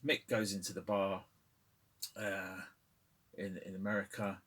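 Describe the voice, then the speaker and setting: A middle-aged man talking casually to his channel in a low, husky voice. He rambles along with lots of ums and uhs. He chuckles now and then. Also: flat delivery, unhurried, fairly bright tone. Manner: rambling, hesitant, with many fillers and chuckles. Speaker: channel host. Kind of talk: casual opinion vlog.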